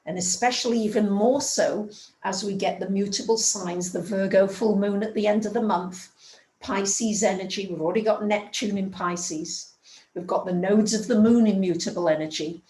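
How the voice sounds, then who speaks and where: A woman's voice: medium pitch, fairly even intonation, moderate pace, dark tone, echoey room, poor audio. A woman telling a story in a chatty way and acting out the dialogue in a casual astrology talk.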